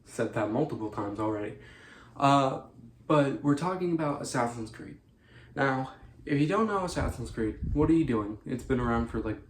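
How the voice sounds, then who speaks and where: Playful, chatty man, echoey room. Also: medium pitch. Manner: playful, self-mocking and chatty. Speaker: gaming video creator. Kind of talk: casual video talk. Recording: echoey room with faint noise.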